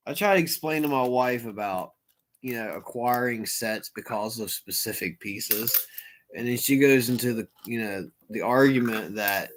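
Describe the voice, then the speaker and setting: A man hosting a casual livestream chat, talking in an animated way and bursting into playful shouting impressions. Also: mid-range voice, moderate pace. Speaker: livestream host.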